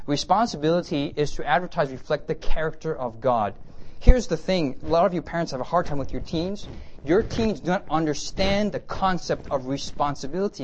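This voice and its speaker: Lively man preaching a lecture-style sermon. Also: a little high. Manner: lively, checks in with listeners. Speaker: preacher teaching a class. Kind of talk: conversational sermon lecture with slides.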